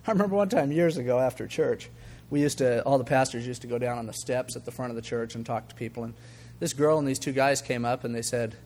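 A mid-range voice at a quick pace belongs to an older pastor whose sermon is full of stories. Animated and conversational, he chuckles and performs the voices of the people in his tales.

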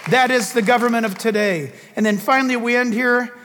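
High-voiced fervent male preacher in a hall. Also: steady tone, brisk, fairly bright tone, some chatter behind, a little hiss or hum. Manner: emphatic, fervent, rhetorical questions. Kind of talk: political sermon.

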